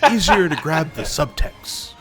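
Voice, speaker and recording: A man's voice: a little high, very animated, unhurried, over music. A man joking around in casual gaming chat, sarcastic and swearing freely.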